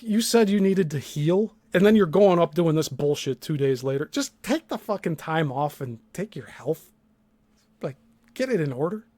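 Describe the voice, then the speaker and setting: High-voiced, crude, mocking male host. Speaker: show host. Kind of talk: live-stream commentary.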